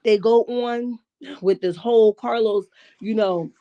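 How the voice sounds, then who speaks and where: A woman with a slightly high, raspy morning voice breaks down reality TV drama in AAVE. She swears freely, answers her own questions, and keeps pulling the chat in with "okay?" and "right?". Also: steady tone, measured pace, dull audio. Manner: sassy, profane, rhetorical asides with "okay?" and "right?". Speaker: reality TV commentary host. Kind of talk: casual reality-show recap with live chat.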